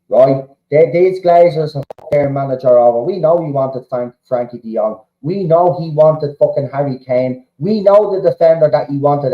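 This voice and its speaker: A man rants heatedly about his football club, swearing hard and tagging his points with a challenging "right?". His voice sits a little high. The recording is dull and lo-fi in an echoey room. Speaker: football fan vlogger. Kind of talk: angry match reaction rant. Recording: roomy, dull lo-fi sound.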